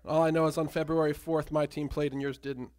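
A man's voice: fairly high pitch, level tone, a little fast, heavy background noise. A man, a pastor, making casual, teasing remarks in church and laughing easily. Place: church sanctuary.

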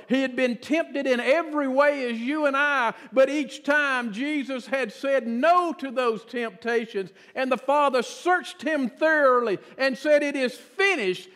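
A man preaching a sermon as pastor, earnest and dramatic, dropping often to a hushed voice. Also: very high-pitched. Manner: earnest, dramatic preaching with sudden drops to a hush. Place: church sanctuary. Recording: reverberant church sanctuary.

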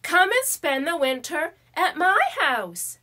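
A woman voicing a kind, lonely male ghost who speaks in a gentle, welcoming way. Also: sits high, sing-song, takes it slowly, exaggerated voice.

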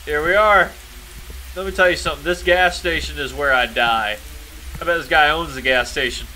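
A man commentating a horror game as he plays, loud, excitable and swearing. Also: a little high, normal speed, a little hiss or hum. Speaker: gaming YouTuber.

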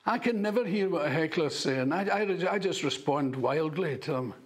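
A man, a stand-up comedian, telling anecdotes in an interview with animated delivery, swearing and acting out shouts. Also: a little high, moderate pace.

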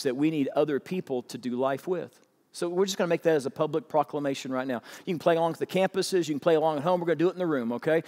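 A man preaching a sermon as pastor, animated and urging his congregation to respond. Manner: animated, urging the crowd with rising pitch. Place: large church auditorium. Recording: long hall reverb.

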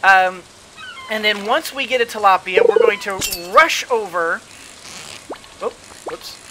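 An unhurried let's play host narrates gameplay at a leisurely pace, thinking aloud. They burst into excited exclamations as they cheer the game on. A clear, steady rain sound from the game plays behind the voice. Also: medium pitch, very noisy. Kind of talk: gameplay commentary.

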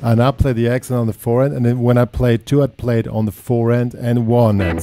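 A man giving a casual guitar lesson, talking in a relaxed, chatty way and counting in and scatting rhythms. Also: medium pitch, fairly quick, hardly any pauses. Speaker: guitar teacher. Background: electric guitar playing.

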